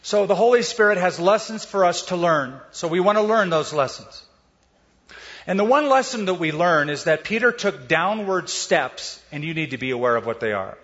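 A man's voice: high voice, animated, normal speed, a bit bright. A man preaching a Bible sermon in a conversational way, with casual asides and rhetorical questions. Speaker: pastor. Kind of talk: expository sermon. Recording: dull sound with long hall reverb.

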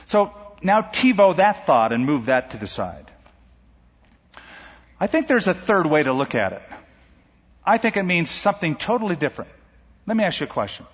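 A man delivers a sermon in a slightly high, husky voice. He pushes his points upward, then drops into quiet asides. The sound is dull and carries a long hall echo. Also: very animated, moderate pace, long pauses. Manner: dynamic preaching with sudden rises and drops. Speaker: pastor. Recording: dull recording in a large reverberant hall.

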